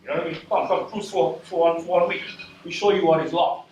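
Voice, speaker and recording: A man's voice: high voice, steady tone, fast, noisy background. A man with a Hawaiian Pidgin accent giving impassioned, emphatic testimony at a community meeting, repeating himself and calling listeners "bro". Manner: emphatic, repetitive, swearing, addressing officials as "bro". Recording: echoey hall from far off.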